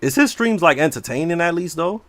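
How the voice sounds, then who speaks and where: A man's voice: a little high, fairly quick, no echo. A man chatting casually and brashly while streaming a game. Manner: brash, slangy, animated. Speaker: livestreamer. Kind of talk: casual gaming stream talk.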